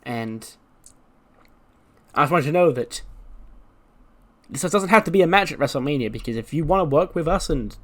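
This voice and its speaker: A man's voice: on the high side, lively intonation, normal speed, long pauses, lightly acted. A man voicing a ditzy, apologetic female wrestler who talks in a fidgety, filler-laden way. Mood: sheepish. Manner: fidgety, full of "like".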